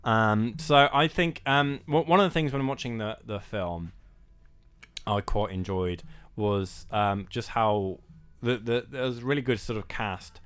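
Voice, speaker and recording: A man's voice: on the low side, a little slow, a bit bright, clean tone. A young man co-hosting a casual film podcast, talking hesitantly with many fillers. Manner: hesitant, many ums and sort ofs. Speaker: podcast co-host.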